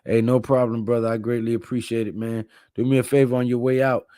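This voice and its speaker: Brief: male live-stream host, tired, laid-back, mellow dark tone, dry close sound. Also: mid-range voice, little pitch movement, fast talker, no room sound. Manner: laid-back, reads chat comments aloud. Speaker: livestream host. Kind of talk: casual live-stream chat.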